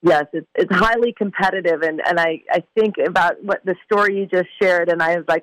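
A woman from San Diego, a former softball player, answering interview questions in a measured, slightly hesitant way. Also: on the low side, dry recording, rough recording. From San Diego, California. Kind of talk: casual conversational interview.

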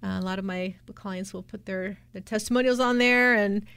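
A woman in her forties, a doula, calmly explaining her work as a podcast guest. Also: mid-range voice, moderate pace, gravelly, clean tone, no room sound. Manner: calm, explanatory. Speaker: guest, doula and placenta encapsulator. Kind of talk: podcast interview.

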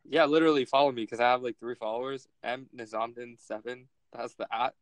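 Joking, animated man hosting a podcast. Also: mid-range voice, brisk, dry recording, rough recording. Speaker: podcast host. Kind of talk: casual sports podcast chat.

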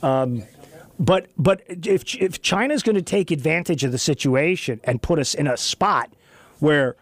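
A man hosting talk radio in a studio, his voice fairly high for a man and captured very dry. He talks in an animated, rambling way, restarting sentences and laughing at his own asides. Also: measured pace, dry recording. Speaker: radio talk show host. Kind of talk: casual talk radio chat. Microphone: studio microphone.

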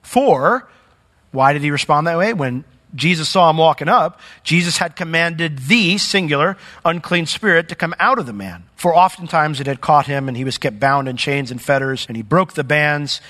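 Bright-voiced male pastor preaching. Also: on the high side, normal speed. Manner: animated storytelling with dramatic swings in volume. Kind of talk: sermon.

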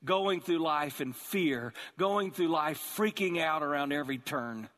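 A man preaching a sermon as pastor, telling the story with animated, acted-out voices. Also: on the high side, measured pace, long reverb tail. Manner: animated storytelling, acting out characters.

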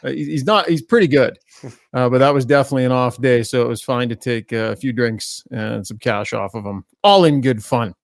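A man's voice: medium pitch, fairly quick, gravelly, no room sound, studio quality. A man hosting a sports talk show, teasing his co-hosts in casual chat. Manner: teasing, playful. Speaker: host.

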